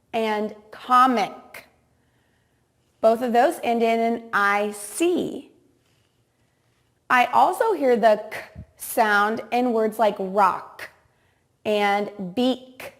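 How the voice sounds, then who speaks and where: A woman teacher with a fairly high voice leads a reading lesson for small children. She speaks very slowly, drawing out each word with careful, exaggerated enunciation. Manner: slow, exaggerated word-by-word enunciation with repeat-after-me prompts. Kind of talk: slow, deliberate reading lesson for young children.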